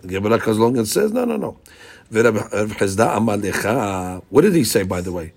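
A man's voice: fairly low pitch, animated, very fast, darkish tone, husky. A man teaching a daily Gemara class, asking rhetorical questions and mixing in Hebrew and Aramaic terms. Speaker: Talmud teacher.

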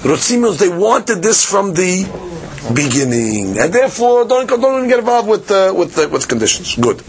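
A man giving a daily Talmud lesson, explaining in a lively conversational way with many fillers and restarts. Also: high-pitched, moderate pace. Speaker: Talmud teacher.

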